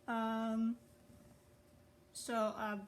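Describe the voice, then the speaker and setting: Chatty young woman, higher voice. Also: monotone, extremely slow, rough recording. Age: young adult. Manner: rambling, chatty, laughs at herself. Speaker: online writer and video creator. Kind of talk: casual chat to viewers. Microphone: phone.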